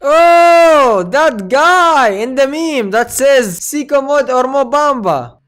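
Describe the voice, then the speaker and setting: A man roasting strangers on a video chat, teasing and mocking them in loud bursts with sudden yelps and laughs. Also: very high voice, animated, takes it slowly. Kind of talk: loud joking banter.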